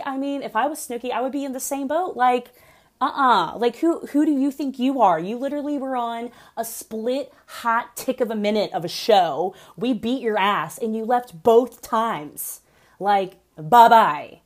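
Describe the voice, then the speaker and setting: A woman's voice: on the high side, unhurried. Gossipy young woman recapping reality TV. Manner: gossipy, animated, heavy use of "like".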